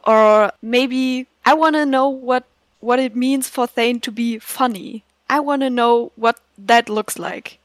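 A woman in a casual chat, talking in a thoughtful, measured way. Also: a little high, no echo.

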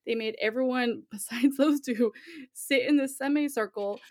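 A woman's voice: on the high side, moderate pace. A young woman hosting a podcast, chatting casually, swearing freely and laughing as she tells stories. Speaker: podcast host. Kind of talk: casual chat.

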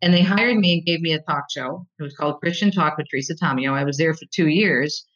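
Low-voiced animated woman talk host. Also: fast talker, muffled recording. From United States. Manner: animated storyteller, repeats words when starting sentences. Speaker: Catholic talk show host, guest. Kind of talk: conversational interview.

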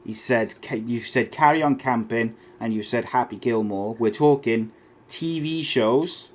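A man's voice: medium pitch, unhurried. A man hosting a casual podcast, reading out listener messages with blunt, mock-offended humour. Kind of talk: casual chat.

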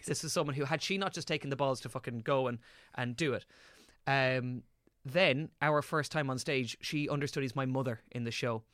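A man of twenty-seven, an actor chatting as a podcast guest and telling animated stories, swearing casually. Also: mid-range voice, moderate pace, hardly any pauses, dry recording, studio quality.

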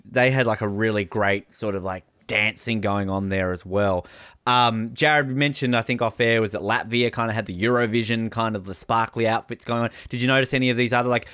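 A man hosting a casual chat, joking and animated, laughing often as he talks. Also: mid-range voice, clean tone, no echo, studio quality. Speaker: podcast host.

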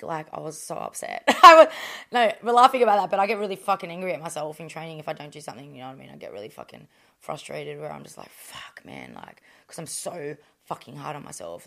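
A woman's voice: low-pitched, vocal fry. An Australian woman in her thirties, a boxer talking candidly in an interview, blunt and full of swearing, fillers and restarts.

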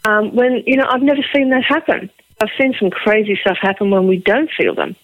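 A woman from Liverpool speaks as a psychotherapist guest in an interview, emphatic and lively as she tells stories. Her voice comes through a narrow, phone-like line with no room echo. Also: mid-range voice, fairly quick. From Liverpool, England. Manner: animated, emphatic, acts out quotes. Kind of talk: conversational interview storytelling.

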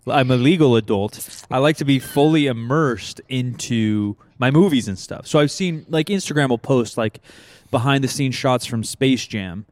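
A man's voice: medium pitch, normal speed, hardly any pauses, no room sound. Jokey American man in his thirties. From United States. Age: 30s. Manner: animated, jokey, swears. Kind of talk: casual chat.

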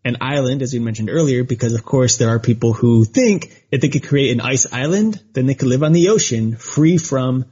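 A man co-hosts a podcast in easy, rambling chat, full of fillers and laughs. His voice is slightly husky. The recording sounds dull and lo-fi. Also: medium pitch, brisk, hardly any pauses, darkish tone. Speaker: podcast co-host. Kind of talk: casual chat.

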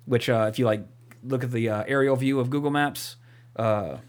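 A man's voice: mid-range voice, normal speed. A young man co-hosting a podcast, chatting casually and rambling, with lots of fillers, restarts and swearing. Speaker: podcast co-host.

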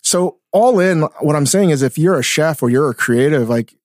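A man co-hosting a casual podcast, talking in an animated way, swearing often and restarting his sentences. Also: a little high, moderate pace, no room sound, clean studio sound. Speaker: podcast co-host, chef. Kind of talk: casual chat. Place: studio.

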